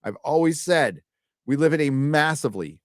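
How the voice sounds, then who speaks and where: A man's voice: on the high side, animated, moderate pace, no room sound, clean studio sound. Chatty swearing male stream host. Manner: loose and chatty, swears freely, often stumbles over words. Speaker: host reading donations. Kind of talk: casual live-stream chat.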